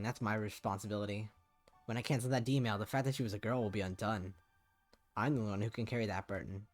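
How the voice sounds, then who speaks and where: Man reading a visual novel aloud on stream, plain mid voice, loose and casual, a bit of music behind. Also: medium pitch. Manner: casual reading with swearing asides.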